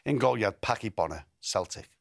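Fairly quick and animated, an older former footballer tells football stories in a gravelly, lowish voice during a relaxed interview. He often repeats words and starts them over. The clean studio recording has no room sound.

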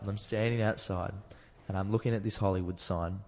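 A man's voice: low voice, steady tone, a little fast, darkish tone, in a large hall. An Australian man, a comedian, telling a personal story in a candid, rambling way and swearing freely. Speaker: comedian guest. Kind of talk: candid storytelling in casual chat.

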